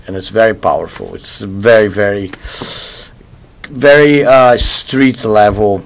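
A man's voice: fairly low pitch, slow pace, vocal fry. A man talking loosely about his band's album in an interview, repeating words as he searches for them. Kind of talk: casual interview talk.

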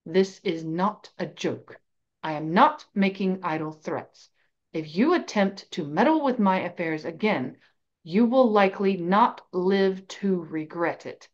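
A woman voicing a cold, imperious male wizard professor who makes slow, quiet, deliberate threats. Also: mid-range voice, lively intonation, close to an everyday voice. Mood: coldly menacing. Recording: slightly dull lo-fi recording.

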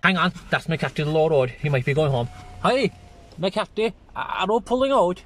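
An actor playing a blunt, grumbling older man at the beach, gruff and teasing. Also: on the high side, very animated, normal speed, fairly bright tone, rough recording. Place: outdoors at a windy beach. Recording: wind and waves noise. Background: wind and surf.

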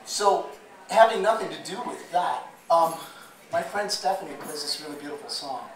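Man, slightly hoarse, profane live storyteller, recorded from far off with room echo. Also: a little high, lively intonation, moderate pace. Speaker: spoken word performer. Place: bar or club stage. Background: crowd murmur.

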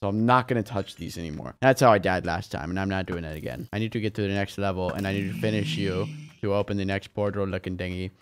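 A young man giving excited, exclamation-filled commentary on a video game as its regular host. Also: deep voice, quick pace, slight background noise. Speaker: gaming YouTuber.

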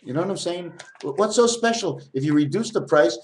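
A man's voice: high voice, animated, a little fast. A man vlogging a rambling spiritual monologue, jumping between topics and swearing.

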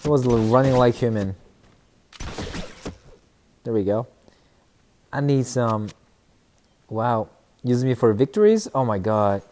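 A man's voice: mid-range voice, lively intonation, slow pace, pauses often, dark tone, a little hiss or hum. A man streaming a shooter game, chatting casually with viewers and trash talking opponents. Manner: playful trash talk to chat. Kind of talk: casual gameplay commentary.

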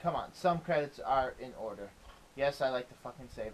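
A man's voice: medium pitch, lively intonation, normal speed, slight background noise. A man commenting on a video game as he plays, swearing a lot and ranting in frustration. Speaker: let's play gamer.

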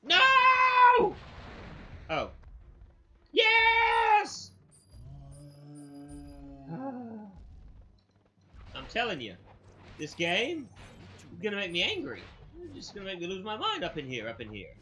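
A man hosting a let's play, giving excitable commentary that stammers and bursts into frustrated yelling. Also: high voice, moderate pace, long pauses. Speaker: gaming channel host. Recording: dull lo-fi sound with game music. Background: game music.

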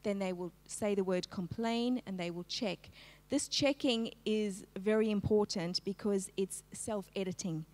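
Woman slowly sounding out phonics. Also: mid-range voice, a little mellow, in a large hall. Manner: slow, clearly segmented sounds, prompting an unseen class. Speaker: literacy teacher. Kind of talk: live-streamed phonics lesson.

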